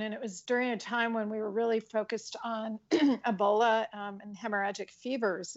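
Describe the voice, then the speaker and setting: A woman in her sixties from Colorado, a physician, giving thoughtful, measured answers in an interview. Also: mid-range voice, dull audio. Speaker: physician guest.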